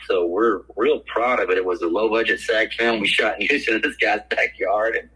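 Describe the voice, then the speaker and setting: A man's voice: lowish voice, a little fast, breathy edge, low-quality recording. An older man, an actor guest on a podcast, telling stories in casual chat and acting out the voices of people he quotes. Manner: animated storyteller, acts out quoted voices. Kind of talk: casual podcast interview storytelling.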